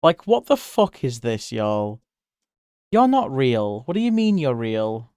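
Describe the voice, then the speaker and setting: While drawing live, a streamer chats casually with his viewers, giggling often, swearing freely and sometimes leaping into high, excited squeals. His voice is smooth and clear, his pace unhurried. The audio is dry and close, with no echo.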